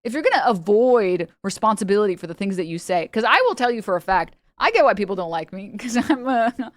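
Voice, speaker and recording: A woman streams and talks to her chat in a loose, rambling way. She swears freely, laughs between lines and mocks her critics. Her voice sits at a middle pitch and sounds dry and close to the mic. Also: expressive, fairly quick, dry recording. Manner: rambling, profane, laughs often, mocking. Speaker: livestreamer.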